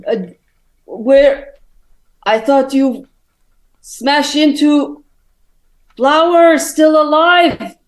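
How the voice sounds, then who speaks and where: A woman voicing a brutish male fey judge in a tabletop game, who bellows gruffly for more pain. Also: high-pitched, steady tone, drawn-out words, long pauses, pitched above the performer's own voice, rough recording. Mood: puzzled.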